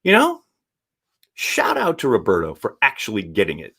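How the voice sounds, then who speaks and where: A man hosting a casual live stream, reading viewer chat and giving blunt, animated takes with the odd swear. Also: on the low side, normal speed, creaky, slightly rough. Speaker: sports show host reading viewer chat.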